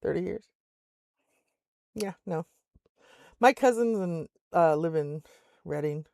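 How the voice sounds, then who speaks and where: A woman's voice: fairly low pitch, lively intonation, slow pace, a little mellow, dry recording, clean studio sound. An older woman telling stories in a casual chat while streaming a game, laughing often and acting out the voices of other people. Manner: chatty storyteller, laughs often, acts out voices. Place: home in Alaska.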